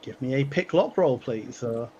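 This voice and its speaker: A man narrating a tabletop game as game master, pausing often with fillers and restarts. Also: medium pitch, animated, dark tone, highs cut off, a little hiss or hum. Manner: halting, many fillers and restarts.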